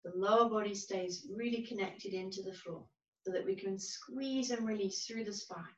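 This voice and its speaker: A woman teaching a yoga class, giving calm, gentle, unhurried cues. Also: medium pitch. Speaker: yoga instructor. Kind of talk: guided yoga class instruction. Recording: roomy, distant, dull-sounding recording.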